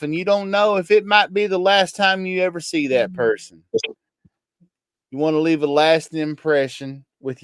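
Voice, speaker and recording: A folksy country man with a thick Kentucky drawl, put on by a host hands out homespun advice like a sermon. The voice sits a little high and drawls along. The sound is dry and close. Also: clean tone, no echo, lightly acted.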